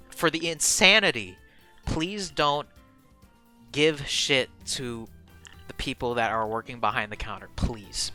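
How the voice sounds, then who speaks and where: A young man chatting to his stream with a very bright, crisp voice that sits a little high for a man. He tells a story in an animated, excitable way, full of slang, swearing and fillers, with faint music playing behind him. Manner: animated, excitable, swings from mumbling asides to loud bursts. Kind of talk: casual storytelling to a live chat.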